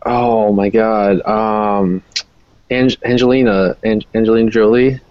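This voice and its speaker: A man's voice: lowish voice, level tone, measured pace, no room sound, lo-fi sound. A man joining an improv show over a video call, hesitant and unsure in his guesses. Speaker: remote improv guest.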